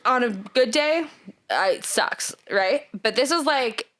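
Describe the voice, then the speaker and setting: A woman's voice: high-pitched, a little slow. A woman talking casually as a podcast guest, rambling through personal stories with lots of fillers. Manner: rambling, animated storytelling with many fillers.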